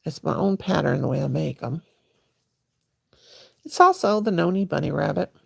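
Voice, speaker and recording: Gravelly, husky woman chatting casually. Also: sits low, expressive, normal speed, a little mellow. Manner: rambling, folksy, chatty aside to viewers; talks while crocheting. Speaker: crochet livestream host. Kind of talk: casual livestream chat.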